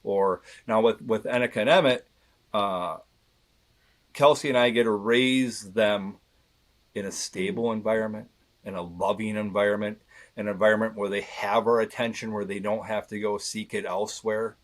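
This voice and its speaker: A podcast guest in his thirties talks candidly and earnestly in a lowish, steady voice at normal speed. He rambles a bit, restarting his sentences often.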